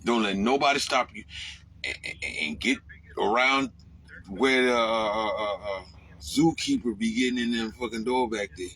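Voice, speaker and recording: A truck driver with a lower voice keeps a moderate pace through a casual rant to camera. Swearing freely and animated, he erupts into sudden shouts.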